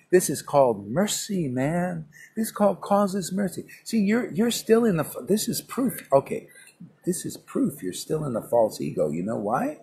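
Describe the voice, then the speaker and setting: Brash scolding man, lively gravelly voice. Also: medium pitch, a little slow. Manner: brash, scolding, colloquial, keeps saying "man". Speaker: spiritual teacher. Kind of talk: informal morning class talk. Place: public place.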